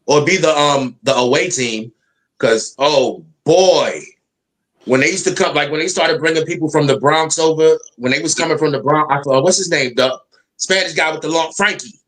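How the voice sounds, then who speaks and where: A man's voice: fairly high pitch, normal speed, fairly bright tone. A man co-hosting a live stream panel, telling stories in casual, slangy, profane chat and acting out the voices he quotes.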